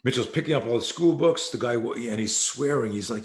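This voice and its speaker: A man's voice: fairly low pitch, fairly quick, hardly any pauses. A man, a martial arts instructor, telling a long story in an interview and acting out quoted dialogue. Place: live video call.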